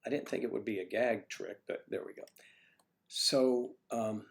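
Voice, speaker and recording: Man, livestream host, lingering cough, rambling and jokey, chatting with viewers at home, average pitch. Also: moderate pace, creaky. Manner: rambling, chatty, joking with the chat. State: has a cough. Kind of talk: casual livestream chat answering viewers. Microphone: microphone on a stand he keeps adjusting.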